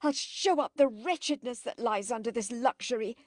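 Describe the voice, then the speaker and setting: A woman reading an audiobook, voicing an impulsive, furious young woman who shouts in sharp high bursts. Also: moderate pace, dry recording, studio quality, close to an everyday voice. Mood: frantic, indignant. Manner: shrill, shouting.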